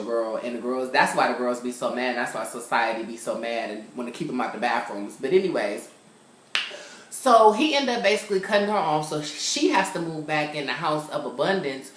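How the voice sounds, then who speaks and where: A young TV show reviewer from California speaks fairly quickly in a fairly high voice. His recap is sassy and animated, with him slipping into the characters as he chats casually like he's among friends. The room carries a noticeable echo.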